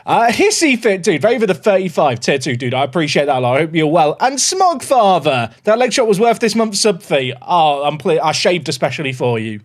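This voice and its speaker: Upbeat male streamer, high, bouncy voice, casual chat to viewers. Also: big pitch swings, brisk, hardly any pauses. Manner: chatty, upbeat, greets viewers. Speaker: livestreamer. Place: home office.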